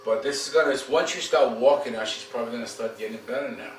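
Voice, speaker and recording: During a home visit, a male dog trainer instructs a dog owner in a direct, casual way, frequently checking with "okay?". He speaks quickly at medium pitch. A distant camera mic captures the home room with a roomy sound and faint noise.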